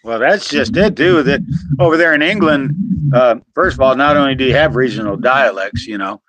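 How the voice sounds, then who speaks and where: A man's voice: mid-range voice, a little fast, a bit bright, dry recording, rough recording. A man from the US South with a Southern accent, hosting a casual chat and telling jokey stories. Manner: jokey storytelling, chuckles often. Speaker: host. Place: Florida.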